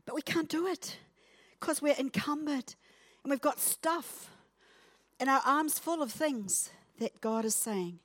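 A woman preaching a sermon, acting out her points in a playful, self-mocking way that swings between loud and soft. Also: high-pitched, measured pace, dry recording. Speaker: guest preacher. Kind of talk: sermon with acted illustration.

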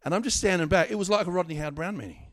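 A middle-aged man preaching a sermon, swinging from loud exhortation to quiet asides, with stammering restarts. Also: high voice, rapid-fire.

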